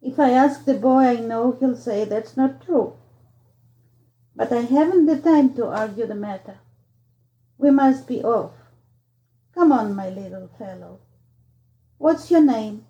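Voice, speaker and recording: A woman voicing a kindly older male travelling showman, speaking gently and reassuringly in a slightly lower, quieter voice. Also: measured pace, long pauses, lo-fi sound, lightly acted. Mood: brisk.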